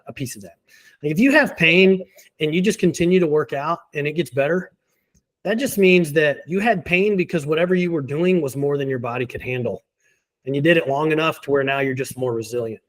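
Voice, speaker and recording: Confident man explaining pain. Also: on the high side. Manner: explanatory, confident, laughs between points. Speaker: physical therapy guest. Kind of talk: conversational interview.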